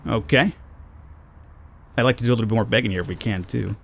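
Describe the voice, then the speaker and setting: A man with a low voice giving rambling, casual commentary on a game he is playing, and chatting to the characters on screen. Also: fast talker, vocal fry, fairly bright tone, a little hiss or hum. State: panicked, high and urgent. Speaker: let's play gamer.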